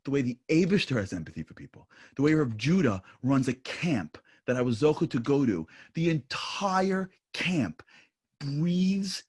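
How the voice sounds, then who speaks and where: A man speaking at a panel discussion, talking emphatically and shifting between intense points and soft asides. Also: on the high side, breathy edge. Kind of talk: impassioned panel talk.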